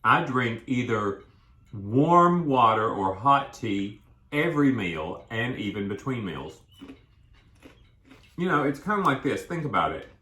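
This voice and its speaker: A man's voice: medium pitch, big pitch swings, unhurried, bright, forceful tone. A man chatting casually while he eats, rambling from one thought to the next with food in his mouth. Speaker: co-host of a food vlog. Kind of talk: casual mukbang chat while eating. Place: indoors at a table, eating. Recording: echoey room.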